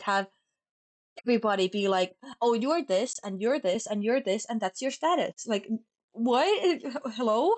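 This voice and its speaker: A young woman from Finland with a Finnish accent, chatting casually on stream, talking fast and sloppily and stumbling over her words. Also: a little high. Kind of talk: casual chat.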